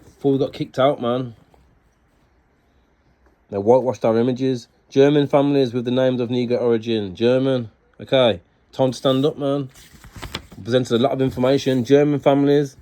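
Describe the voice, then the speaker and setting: A man reading aloud from books and commenting excitedly, ending almost every phrase with "man". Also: mid-range voice, normal speed, pauses often. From Scotland. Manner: excitable, peppers sentences with "man". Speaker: book reviewer. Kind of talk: casual video talk reading from books.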